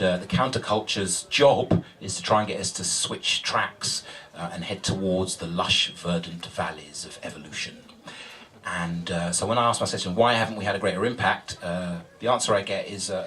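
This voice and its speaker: A man's voice: deep voice, pushed and bright, distant mic. A man, a spoken word poet, chatting casually and self-mockingly to a live audience before his poem, with plenty of ums and uhs.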